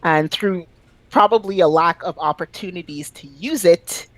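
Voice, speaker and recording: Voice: mid-range voice, moderate pace, no room sound, poor audio. A podcast guest speaking casually and emphatically, full of fillers, about their own language business. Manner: opinionated, emphatic, frequent fillers.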